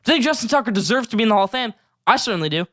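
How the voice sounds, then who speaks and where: A man's voice: high voice, expressive, racing, fairly bright tone, no room sound, clean studio sound. A young man hosting a solo sports show, running hyped, emphatic segments and repeating his points. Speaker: sports podcast host.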